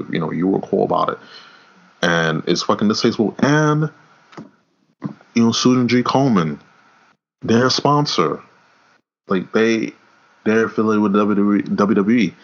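A man co-hosting a casual wrestling podcast, rambling, repeating words and swearing as he goes. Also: low voice. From New York. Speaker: podcast co-host. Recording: dull lo-fi audio.

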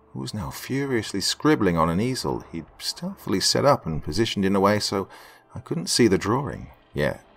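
Deep-voiced expressive male storyteller. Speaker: narrator. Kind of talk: first-person story reading.

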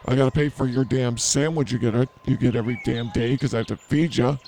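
A man's voice: medium pitch, fairly even intonation, a little fast, dark tone, a little hiss or hum. A man hosting an improvised comedy podcast outdoors at a zoo, teasing his co-host with mock outrage and rambling jokes.

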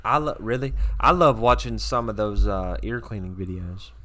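A young man co-hosting a podcast in relaxed casual chat, chiming in and laughing along. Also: lowish voice, moderate pace. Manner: laid-back, laughs along, chimes in with short reactions. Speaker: podcast co-host.

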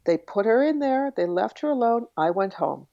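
A woman, a guest on an interview show, telling a story in a lively anecdotal way and acting out the voices she quotes. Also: a little high, moderate pace, creaky, no echo. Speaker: guest, author on horse communication. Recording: slightly dull lo-fi audio, dry.

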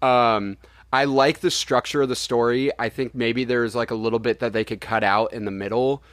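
A young man hosting a podcast reviews a film in a medium-pitched voice at normal speed, with no echo. His chat is casual, animated and rambling, and he swears freely.

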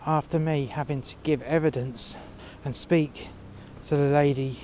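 In a slightly high, somewhat mellow voice, a man unhurriedly tells an angry, foul-mouthed story about a fight at work while out in the freezing cold. His tone stays steady, and there's a bit of hiss or hum along with music under the voice.

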